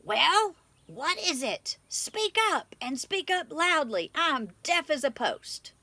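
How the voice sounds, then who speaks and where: Woman voicing a grumpy old storybook owl, scratchy, loud and high. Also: very animated, slow pace, no room sound, heavily acted. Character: cross, deaf old male owl.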